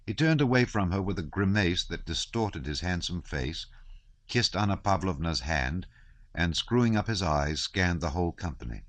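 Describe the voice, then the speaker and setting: A man reading a classic novel aloud as an audiobook narrator, measured and expressive. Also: sits low, no room sound.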